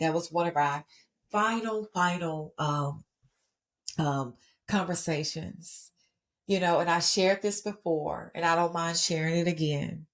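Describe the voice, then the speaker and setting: A middle-aged woman from Texas with a Texan accent, founder of a ministry, giving an earnest, conversational inspirational faith talk and often checking in with her listeners. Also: sits low.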